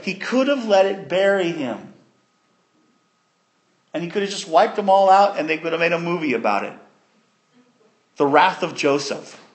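A man preaching a sermon, retelling a story in an animated way that swings between loud and soft. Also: fairly high pitch.

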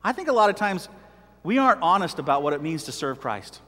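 Guy preaching, chatty, retelling bible bits, high voice, long echo. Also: big pitch swings, fairly quick, sharp tone. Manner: conversational, acts out scripture voices. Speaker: pastor. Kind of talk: sermon. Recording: long hall reverb.

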